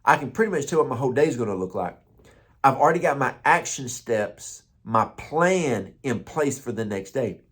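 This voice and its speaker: A man's voice: mid-range voice, expressive, moderate pace, a bit bright, husky. A man who is a pastor, giving a conversational motivational morning talk with stories and repeated words.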